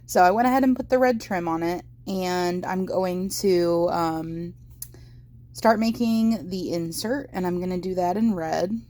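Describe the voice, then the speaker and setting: With a fairly low, mellow voice and a measured pace, a young crochet vlogger gives a casual how-to chat as she works through a project at home. She fills her speech with fillers and self-corrections.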